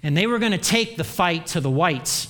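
A man preaching a sermon as pastor, earnest, often letting his voice sink low at the end of a key phrase. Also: animated, moderate pace, fairly bright tone. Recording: long reverb of a large hall.

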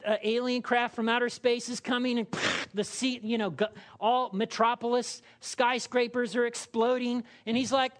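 A man's voice: very high voice, flat delivery, normal speed. A male pastor preaching in a conversational, humorous way, often checking in with the congregation. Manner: conversational and humorous, with frequent "all right?" check-ins. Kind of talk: sermon.

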